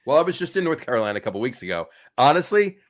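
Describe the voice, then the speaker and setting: A man's voice: medium pitch, very animated, very fast. A man hosting a casual sports podcast over a remote call, upbeat and laughing often. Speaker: podcast host. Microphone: remote call setup.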